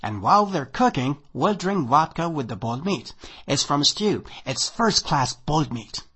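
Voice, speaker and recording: Man voicing a tipsy blunt Soviet host, husky tone, lively swooping pitch, emphatic. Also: moderate pace, full character voice. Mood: matter-of-fact.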